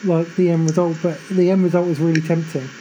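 Mellow, chatty woman podcast host. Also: lowish voice, level tone, fast, a little hiss or hum, poor audio. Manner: chatty and agreeing, lots of fillers like "you know". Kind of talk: casual faith podcast chat.

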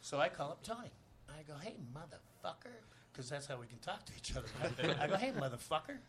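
A man's voice: on the high side, lively intonation, fast talker, noisy background. A man, a guest actor, telling a rambling, profane anecdote full of "you know" in a podcast interview.

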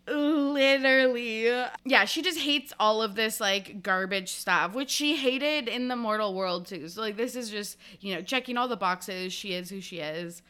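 A woman's voice: a little high, a little slow, hardly any pauses, bright, forceful tone, smooth. A young woman co-hosting a podcast, chatting casually through a book recap and acting out characters' lines with lots of "like". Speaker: podcast co-host.

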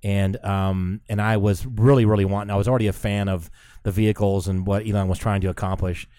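A man co-hosting a podcast, telling an excitable, animated story in casual chat on a close mic. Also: on the low side, brisk, smooth, no room sound. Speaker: podcast co-host.

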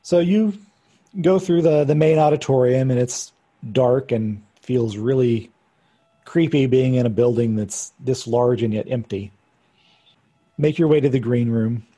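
A man narrating a tabletop game as game master, calmly describing scenes and patiently explaining rules. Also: mid-range voice, measured pace, slightly rough.

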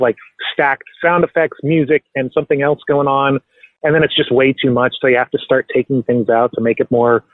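A man answering interview questions about making his audio series, relaxed and rambling with many fillers. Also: mid-range voice, no echo. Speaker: podcast creator and voice actor. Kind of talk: casual interview talk. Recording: tinny phone-like line, dry.

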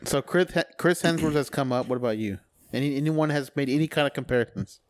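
A man's voice: medium pitch, quick pace. Young man, teasing, jokey, asks questions in casual banter. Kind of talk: casual chat.

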